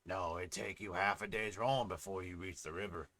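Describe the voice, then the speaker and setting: A man's voice: sits low, steady tone, brisk, sharp tone. A man voicing a friendly middle-aged village fisherman, talking in a plain, homely way. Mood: warm.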